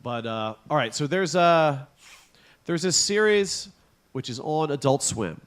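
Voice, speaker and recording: A man's voice: fairly high pitch, expressive, a little slow, smooth. A young adult man co-hosting a casual comedy podcast, telling stories animatedly, acting out characters' lines and swearing freely while reading weird news. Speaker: podcast co-host.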